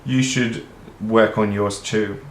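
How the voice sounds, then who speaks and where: A man's voice: lowish voice, fairly even intonation, takes it slowly. A man with an Australian accent who talks to the camera in an earnest, rambling monologue and swears casually. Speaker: vlogger. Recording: roomy echo.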